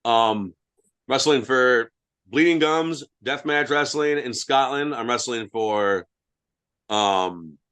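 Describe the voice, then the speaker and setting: A man's voice: medium pitch, takes it slowly, fairly bright tone, clear, resonant tone. A young man, a guest wrestler, telling blunt, profane stories in casual podcast chat.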